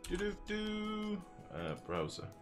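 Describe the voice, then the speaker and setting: A man's voice: high voice, wildly swooping pitch, slow. A man commentating casually on a live game stream, chatty, profane and self-mocking. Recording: music playing behind.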